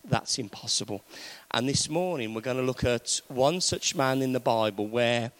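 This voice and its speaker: A man preaching a sermon to a congregation, emphatic, swinging between loud raised peaks and low, quiet stretches. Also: normal speed, rough recording.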